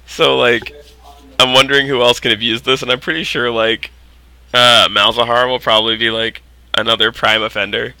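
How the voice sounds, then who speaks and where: A man's voice: mid-range voice, level tone, normal speed, sharp tone, dry recording. A man streaming a game, chatting casually with lots of "like" and "uh" fillers. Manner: rambling, lots of likes and uhs, drops to a mutter. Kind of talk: casual gaming stream chat.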